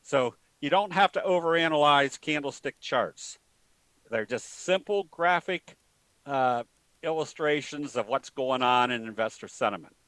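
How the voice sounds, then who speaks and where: A man teaching trading in a plain-spoken, folksy way, pausing often with fillers. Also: mid-range voice, expressive, a bit bright, no echo, low-quality recording. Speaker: trading educator. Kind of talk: webinar talk with a told joke.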